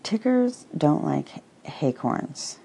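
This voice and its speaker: A woman's voice: fairly low pitch, sing-song, moderate pace, gravelly, mellow, slightly rough, voice pushed up, heavily acted. A woman voicing a bouncy, boastful young male tiger in an emphatic way while reading a storybook aloud.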